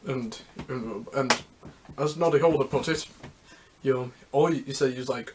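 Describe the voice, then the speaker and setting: A man's voice: medium pitch, background noise. Rambling man talking music history. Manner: rambling, halting, with many restarts. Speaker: music history video host. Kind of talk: casual unscripted talk.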